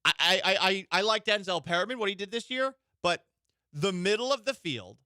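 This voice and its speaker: A man hosting a sports radio show, talking in an animated, joking way with rambling asides. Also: sits high, a little fast, clean tone, no echo, studio quality.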